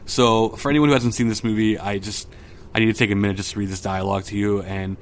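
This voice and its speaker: Low-voiced man hosting a casual chat. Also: fast talker, slight background noise. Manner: relaxed, reads film lines aloud, frequent fillers. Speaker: podcast host. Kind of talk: casual pop culture chat.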